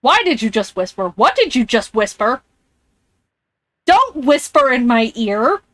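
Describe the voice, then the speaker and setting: A woman's voice: fairly high pitch, big pitch swings, measured pace, a bit bright, dry recording. A woman streamer playing a game, reading its text aloud and reacting with jumpy, scared comments. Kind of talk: live-streamed game playthrough. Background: headphones on, alone in a room.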